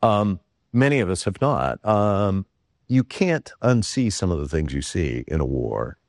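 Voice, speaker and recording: A very deep-voiced man interviews a guest with quick, measured questions and the odd filler. The recording is dry and close. He sounds like a studio interviewer. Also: big pitch swings, dry recording.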